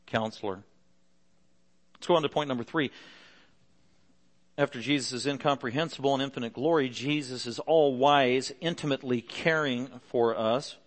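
A middle-aged male pastor preaching a sermon earnestly, pressing harder and louder on key points. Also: fairly high pitch.

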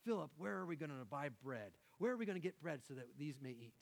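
A man, a pastor, preaching a sermon in an animated way, breaking off with laughs and quick restarts. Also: a little high, vocal fry. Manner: animated, laughing often, self-interrupting with restarts.

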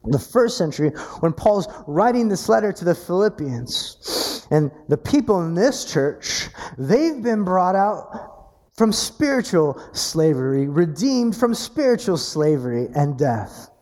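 A man preaching a sermon, animated and earnest, often stammering over repeated words as he builds emphasis. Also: high-pitched, measured pace. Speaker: pastor.

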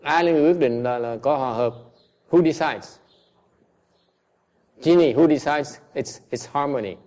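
A man's voice: on the high side, moderate pace, darkish tone. Blunt Vietnamese-speaking man teaching. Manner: blunt, questioning, switches between English and Vietnamese. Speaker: Buddhist teacher. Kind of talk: teaching a class.

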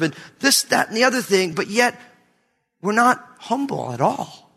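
A man in his thirties preaching a sermon to his church, telling a family story with lively, acted-out voices. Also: sits high, fairly quick, slightly rough, long reverb tail. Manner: animated storytelling, acts out his kids' voices. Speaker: pastor. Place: church sanctuary.

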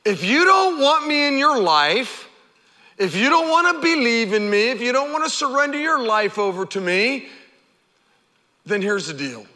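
A male pastor preaching an animated sermon, stammering over repeated words and pausing for effect. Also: extremely high pitch. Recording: long hall reverb.

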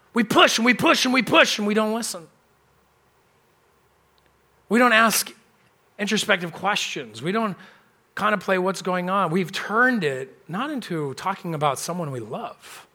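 A man's voice: sits high, pushed and bright. A man preaching a sermon as pastor, telling a story in a conversational way and acting out the people he quotes. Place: church.

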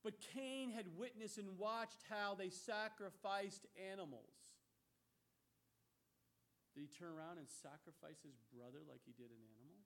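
A man preaching a sermon in an animated, emphatic way, mixing casual slang into his teaching. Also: sits high, moderate pace.

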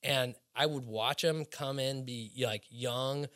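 A man speaking as a guest in a relaxed interview, his tone bright and forward. He tells his story with animation and drops to a low murmur whenever he quotes someone. His voice sits at an ordinary pitch for a man. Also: slow pace. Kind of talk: casual interview, faith testimony.

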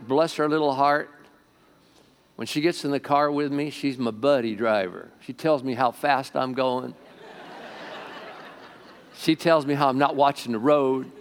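A man preaching a sermon to a congregation as pastor, swinging between loud emphatic lines and quiet asides, often asking the room questions. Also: medium pitch, clear, resonant tone. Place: church sanctuary before a congregation.

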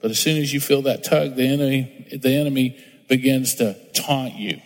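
A man's voice: medium pitch, moderate pace. A middle-aged man preaching a sermon as pastor, conversational and storytelling, acting out quotes in different voices. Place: church sanctuary. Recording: long hall reverb.

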